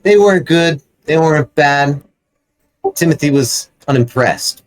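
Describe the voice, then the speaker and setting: Male player, rambling profane storyteller, unhurried, animated pitch. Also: rough recording. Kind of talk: storytelling as a player in a tabletop game.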